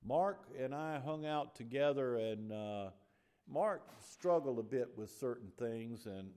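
A middle-aged man preaching a sermon in a church, his voice climbing and growing loud on key points, with many restarts and fillers. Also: mid-range voice, slow. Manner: animated, rising loud on emphasis, restarts and fillers.

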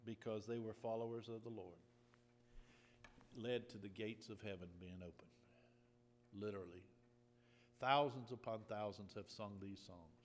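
A man preaching a sermon and telling a personal story in an earnest, deliberate way, with lots of repetition. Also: fairly low pitch, slight background noise. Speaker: pastor. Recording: long reverb of a large hall.

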